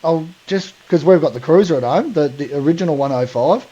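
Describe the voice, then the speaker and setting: A man's voice: on the high side, expressive, fast talker, mellow, slightly rough, muffled recording. An Australian man hosting a podcast, telling a long story in a rambling, slangy way full of fillers. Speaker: podcast host. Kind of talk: casual storytelling.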